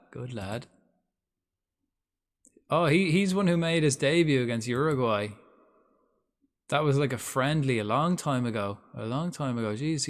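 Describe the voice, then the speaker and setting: A young Irish man chatting casually while streaming a football management game, reacting aloud and swearing freely. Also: medium pitch. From Ireland. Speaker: gaming streamer. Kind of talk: casual live-stream commentary.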